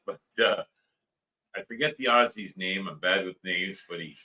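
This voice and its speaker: A man's voice: low voice, moderate pace, sharp tone. A man co-hosting a livestream, casually reading viewers' comments aloud and joking. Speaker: livestream co-host reading chat.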